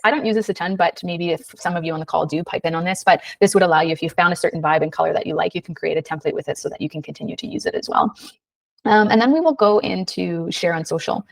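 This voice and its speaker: Fast-talking woman teaching a webinar. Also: lowish voice, vocal fry, dry recording, far from the mic. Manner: chatty, fast, many fillers and "right?" tags. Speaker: webinar host, design instructor. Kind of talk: live screen-share tutorial.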